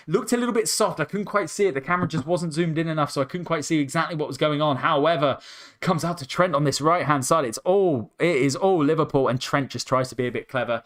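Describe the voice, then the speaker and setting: A man hosting a fan watchalong, calling the match play by play and breaking into excited cries at every chance. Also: mid-range voice, brisk. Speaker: host.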